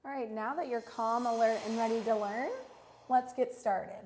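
High-voiced woman teaching young readers. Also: fairly even intonation, a little mellow. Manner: encouraging, repeats words slowly for children. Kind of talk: online reading lesson for children.

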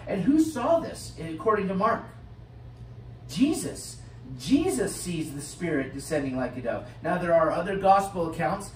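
A man with an American accent, a pastor preaching a sermon with expressive swings from loud to hushed. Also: high voice. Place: church sanctuary. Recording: roomy church sound from a distant mic, faint hiss.

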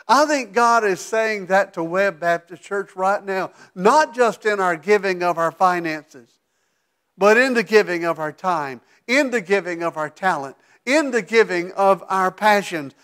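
A man with a high voice preaches a sermon from a church sanctuary. His delivery is animated, swelling to emphatic peaks and then falling to a hushed tone for asides. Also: a little slow, clear, resonant tone. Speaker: pastor.

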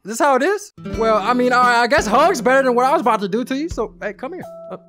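A young adult gaming YouTuber giving casual, profane play-by-play commentary, excitable and talking straight to the viewers. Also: medium pitch, fast. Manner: excitable, profane, talks to the audience as "y'all". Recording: game music playing behind.

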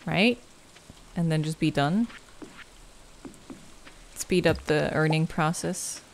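A woman's voice: low-pitched, slow pace, gravelly, a little hiss or hum. A woman giving casual gameplay commentary, chatting to herself, humming and giggling as she plays. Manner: chatty, muses aloud, giggles and hums while playing. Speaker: gaming video creator.

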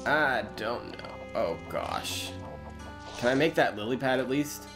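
A man's voice: medium pitch, expressive, a little slow. A man giving casual, self-deprecating commentary while playing a video game, thinking aloud as he goes. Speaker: let's play host. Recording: game music behind voice.

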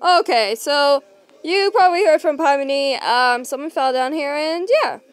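A woman voicing an overexcited, theatrical male ringmaster in a fan audio role-play, booming like an announcer. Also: measured pace, soft background music. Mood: showy.

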